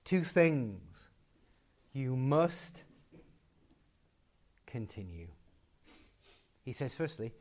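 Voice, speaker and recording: A man preaching a sermon, emphatic, repeating key phrases and swinging between loud and soft delivery. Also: mid-range voice, big pitch swings, very slow, long pauses.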